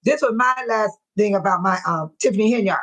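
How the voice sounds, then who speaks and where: A woman's voice: mid-range voice, fairly quick, a bit bright. An older woman hosting a casual livestream, reading chat comments aloud and laughing often. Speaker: livestream host.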